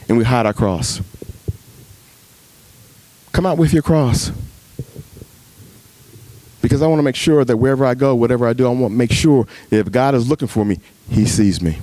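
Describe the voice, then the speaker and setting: A male pastor preaching at a men's retreat, swinging his pitch up high to act out his own cries to God and dropping low for quiet stories. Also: lively intonation, normal speed, pauses often, no echo. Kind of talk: sermon. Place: retreat gathering room.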